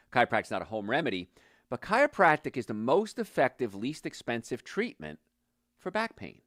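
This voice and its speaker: A man's voice: mid-range voice, fairly bright tone, no echo, studio quality. A middle-aged man hosting a health show, chatting casually with personal asides and fillers. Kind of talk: casual health talk to camera.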